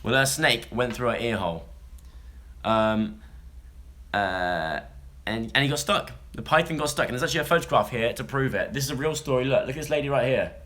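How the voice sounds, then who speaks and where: Bright-voiced chatty guy. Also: mid-range voice, expressive, brisk. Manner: chatty, jokey, rambling asides. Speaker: vlogger. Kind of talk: casual chat, reading news stories to a live audience.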